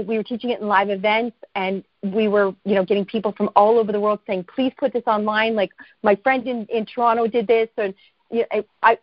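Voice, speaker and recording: A woman guest telling a story in a casual interview, lively and self-deprecating, acting out the voices of people she quotes. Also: mid-range voice, dry recording, lo-fi sound.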